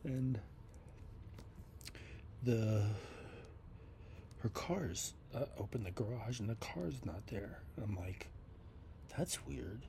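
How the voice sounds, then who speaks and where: A man in his fifties leaving a slow, rambling, upset voice message from a basement, often dropping to a whisper. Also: medium pitch, animated, creaky, mellow, a little hiss or hum. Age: 50s. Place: basement of a house.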